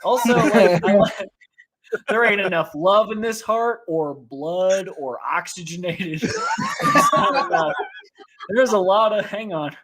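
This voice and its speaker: A man's voice: high voice, unhurried, a little hiss or hum. A man co-hosting a comedy show, joking animatedly and laughing. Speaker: co-host comedian. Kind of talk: casual chat.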